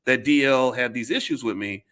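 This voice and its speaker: A man's voice: medium pitch, moderate pace, fairly bright tone. Blunt, emphatic man on camera. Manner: blunt, emphatic, profane, often repeats and restarts words. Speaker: commentator addressing his audience. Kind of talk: casual commentary to camera.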